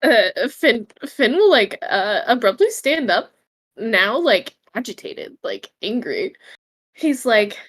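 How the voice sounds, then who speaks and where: Woman player in an online tabletop game; halting, filler-heavy narration, slow. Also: on the high side, sing-song, a bit bright. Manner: halting, with many fillers and laughs.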